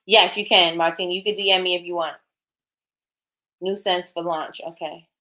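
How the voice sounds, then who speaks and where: A woman's voice: on the low side, steady tone, moderate pace, pushed and bright. A middle-aged woman hosting a casual livestream, chatting with viewers and reading their comments aloud in an encouraging way. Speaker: livestream host.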